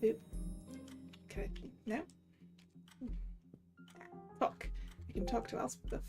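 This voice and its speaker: A woman's voice: a little high, takes it slowly, pauses often, a little mellow, soft background music. A woman streamer commenting casually on a game, chatty and giggly, poking fun at herself. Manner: chatty, giggly, self-mocking.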